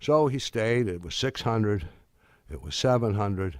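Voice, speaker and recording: An older man giving a talk to an audience, telling a story in a halting, wry way with many restarts. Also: fairly low pitch, expressive, dry recording, clean studio sound.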